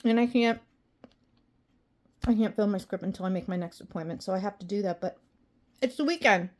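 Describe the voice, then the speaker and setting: A woman's voice: mid-range voice, a little fast. Rambling, exasperated woman vlogging at home. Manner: rambling, self-deprecating, exasperated. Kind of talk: casual personal vlog.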